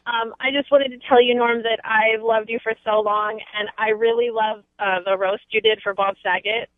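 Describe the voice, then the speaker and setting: A woman's voice: fairly high pitch, fairly even intonation, normal speed, no room sound. A woman calling in to a radio show over the phone, gushing as an enthusiastic fan. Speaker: caller. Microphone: telephone. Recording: tinny phone line.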